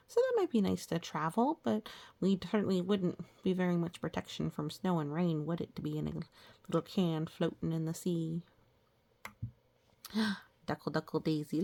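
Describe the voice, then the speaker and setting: Slow, gravelly woman reading old rhymes. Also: fairly low pitch. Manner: gentle, explains lessons between rhymes. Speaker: reader of children's rhymes. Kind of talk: reading rhymes aloud with commentary.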